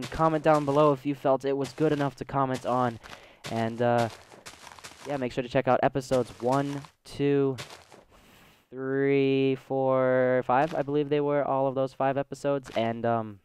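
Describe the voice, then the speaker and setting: A man's voice: medium pitch, darkish tone, smooth. A man doing let's play commentary as a gaming host, rambling and chatty, thinking aloud as he plays. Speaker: gaming YouTuber.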